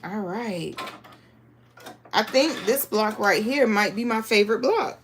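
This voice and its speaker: Slow-talking woman, chatty craft vlogger. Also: medium pitch, lively intonation, a little hiss or hum. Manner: chatty, talks to viewers as y'all, reads chat aloud. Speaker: crafting livestream host. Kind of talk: casual live sewing chat.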